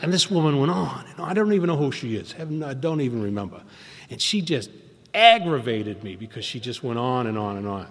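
A man's voice: mid-range voice, big pitch swings, fairly quick, a bit bright. A middle-aged man telling his own story at a meeting, rambling and acting out what others said. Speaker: speaker at a recovery meeting. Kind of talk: personal testimony at a meeting. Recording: long reverb of a hall.

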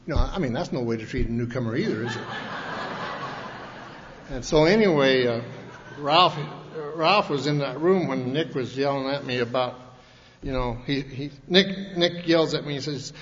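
A man's voice: medium pitch, moderate pace, crowd noise. A man at a recovery meeting, telling his own story in a folksy, rambling way with many restarts. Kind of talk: personal storytelling talk. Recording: echoey hall, dull lo-fi sound, faint hiss.

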